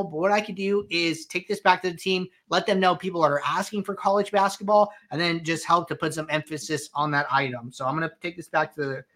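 A man hosting a live question-and-answer show, explaining software settings in a conversational way with frequent fillers. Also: on the high side. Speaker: host answering viewer questions. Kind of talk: live Q&A tutorial, walking through software.

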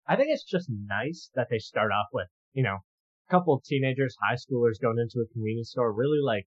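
A man's voice: medium pitch, brisk, husky, dry recording. A young man co-hosting a casual film discussion, making thoughtful points with many ums and restarts. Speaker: podcast co-host. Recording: dull, lo-fi dry sound.

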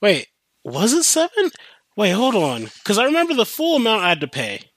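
A man's voice: sits high, moderate pace. Profane young man ranting casually. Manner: animated, profane, rambling with restarts. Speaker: podcast host. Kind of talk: casual storytelling rant.

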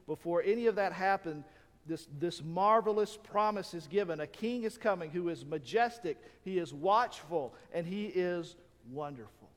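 A man's voice: high-pitched, long reverb tail. A man preaching a sermon, reading scripture and asking the congregation rhetorical questions. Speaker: pastor.

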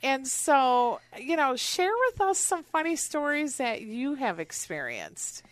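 A woman's voice: high voice, sing-song, slow pace. A woman hosting a radio talk show, chatting and telling anecdotes in an upbeat way. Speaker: radio show host, wealth advisor. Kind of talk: casual radio interview chat.

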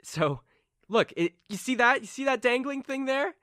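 Man doing a high young woman's voice, boastful, pleading, lively swings, bright, dry. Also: normal speed, no room sound, heavily acted. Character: Carmen, scheming young woman kidnapper, boastful.

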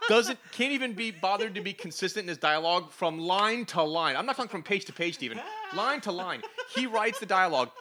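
A man's voice: high voice, animated, brisk, hardly any pauses, pushed and bright. A man co-hosting a podcast, chatting casually about comic books and reading the dialogue aloud with lots of laughter. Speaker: podcast co-host. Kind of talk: casual comic book review chat.

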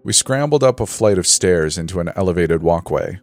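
Deep-voiced man narrating horror. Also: animated, fairly quick. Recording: faint background music.

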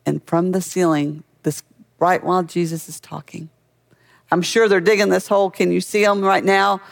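A man's voice: sits high, little pitch movement, moderate pace, creaky. A man preaching a sermon as a pastor, in a conversational way that keeps asking the listeners questions.

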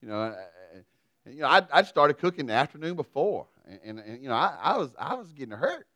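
Folksy pastor preaching. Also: male voice, mid-range voice, very animated, fairly quick, dry recording. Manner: folksy and self-deprecating, dynamic swings from loud to quiet. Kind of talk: sermon with personal storytelling.

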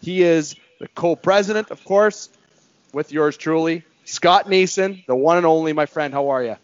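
A man hosting a sports talk show, delivering it in a hyped, promotional way with big pitch jumps. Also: moderate pace, clean tone, dry recording, highs cut off. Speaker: podcast host.

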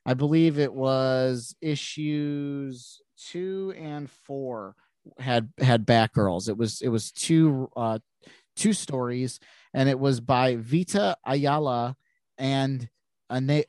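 A man with a nasal voice chats casually about comic books as a podcast co-host. He rambles, restarts sentences and fills gaps with "you know" and "um". His voice is mid-pitched and sits dry and close to the mic. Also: slow, a little mellow, no echo. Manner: rambling, many restarts and fillers. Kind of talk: casual comic book chat.

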